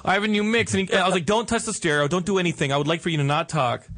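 A man hosting a podcast, telling a story with animated put-on voices for the people in it. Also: on the high side, very fast. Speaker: podcast host. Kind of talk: casual storytelling chat.

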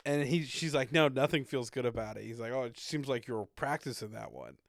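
A man's voice: mid-range voice, animated, brisk, vocal fry, dry recording, studio quality. A man co-hosting a casual recap podcast, joking and acting out quotes with frequent laughter. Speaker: podcast co-host.

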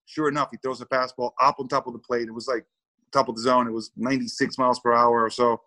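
A man's voice: medium pitch, level tone, fast talker, sharp tone, low-quality recording. A man, a former baseball player, telling a story in an interview with lots of repeated words, acted-out quotes and laughter.

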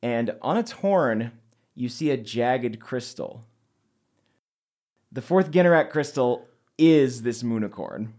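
A man narrating a tabletop game as game master, in a playful, relaxed way with frequent laughter. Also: mid-range voice, slow pace, pauses often.

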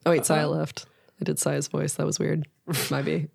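A woman's voice: low-pitched, completely flat delivery, moderate pace, gravelly, darkish tone, slightly rough. A woman narrating as game master of a tabletop game, playful and laughing between lines.

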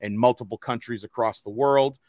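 A man's voice: medium pitch, fairly even intonation, fairly quick, a little mellow, dry recording. Rambling Boston man hosting, dry sound. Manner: rambling, filler-heavy, restarts sentences. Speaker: podcast host. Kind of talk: casual podcast chat.

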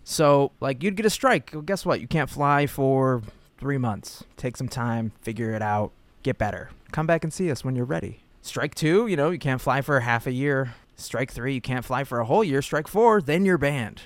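A man's voice: medium pitch, animated, moderate pace, few pauses, no room sound. A young man co-hosting a podcast, chatting casually and reading posts aloud in a playful way. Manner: playful, reads posts aloud, laughs often. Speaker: podcast co-host. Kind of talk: casual chat.

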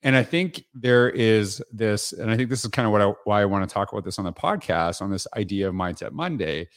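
A man's voice: fairly low pitch, expressive, a little fast, faint music behind. A man hosting a podcast, talking in a casual reflective monologue that rambles with many fillers and restarts. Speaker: podcast host.

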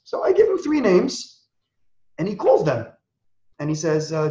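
A man telling a personal story as an interview guest, acting out the dialogue in quick, animated bursts. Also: high-pitched. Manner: acts out quoted dialogue, talks in quick bursts. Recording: echoey, dull lo-fi sound.

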